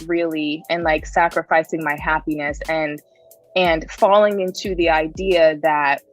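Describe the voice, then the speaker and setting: A woman's voice: on the low side, rough recording. A woman guest on a podcast telling her story in a chatty way, laughing often and tagging her sentences with "right?". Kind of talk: casual interview storytelling.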